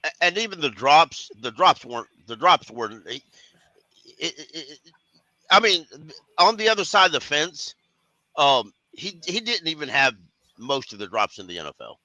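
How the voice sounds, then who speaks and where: Halting sports podcast co-host, very bright tense voice, dry close mic. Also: male voice, a little high, very animated, no room sound, rough recording. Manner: halting, many restarts, dismissive asides. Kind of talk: casual sports talk.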